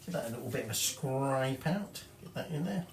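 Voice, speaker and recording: A man's voice: mid-range voice, lively intonation, a little fast, noisy background. Chatty man in an echoey kitchen. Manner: chatty and rambling, corrects himself, casual swearing. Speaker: home cook presenting a recipe. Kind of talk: casual cooking demonstration. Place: home kitchen. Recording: echoey kitchen with clattering dishes.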